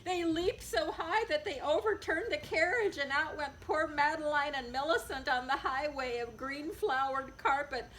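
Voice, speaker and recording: A woman author reading a children's book aloud, telling it in a playful, lively way. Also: high voice, moderate pace, few pauses, slight background noise. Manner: lively, playful storytelling with sound effects.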